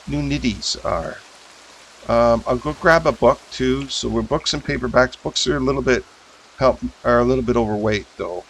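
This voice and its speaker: While streaming a survival game, a man thinks out loud as he sorts his gear, peppering his casual remarks with ums and half-starts. His voice is mid-pitched with a fairly bright tone. The low-quality recording carries a faint hiss of rain.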